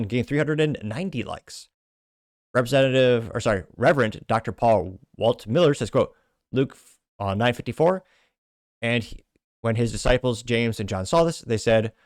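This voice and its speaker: Man, show host, commentary, reading viewer comments, wry asides, middle pitch, dry sound. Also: lively intonation, brisk, dry recording. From United States. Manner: wry asides between read-outs.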